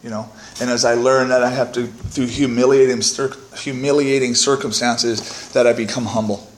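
A man's voice: mid-range voice, flat delivery, normal speed, echoey room, slight background noise. Candid, profane man speaking at a meeting. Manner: candid, self-mocking, profane, keeps asking "right?". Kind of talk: personal testimony to a meeting. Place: meeting room. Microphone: podium microphone.

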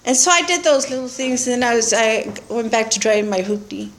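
A woman's voice: high voice, moderate pace, few pauses, slight background noise. A woman giving personal testimony at a recovery meeting, telling her story in a blunt, earthy way and laughing often. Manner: animated storytelling with frequent laughter. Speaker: speaker sharing at a recovery meeting.

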